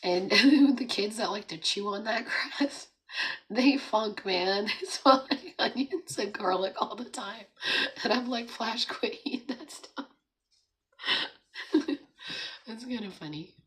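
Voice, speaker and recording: A woman with a hoarse, raspy voice from laryngitis, hosting a casual morning livestream, chatting, laughing often and greeting viewers. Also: mid-range voice, unhurried. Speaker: livestream host. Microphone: streaming setup.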